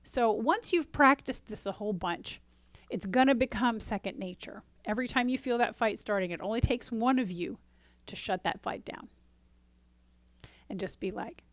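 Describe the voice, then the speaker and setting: A woman's voice: fairly high pitch, moderate pace, no room sound. A woman giving a casual teaching talk as a relationship coach, chatty and often checking in with "right?". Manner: conversational, often asks "right?"; acts out dialogue in quotes.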